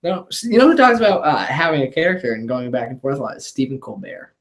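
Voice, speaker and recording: A young man guesting on a podcast, chatty and quick to laugh and agree. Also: mid-range voice, expressive, gravelly. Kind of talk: casual chat.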